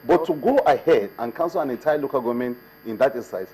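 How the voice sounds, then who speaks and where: A man's voice: mid-range voice, lively intonation, quick pace, mellow, breathy edge, rough recording. A man, a state government commissioner, answering questions as a guest in a TV studio interview, building his case with emphatic repetitions.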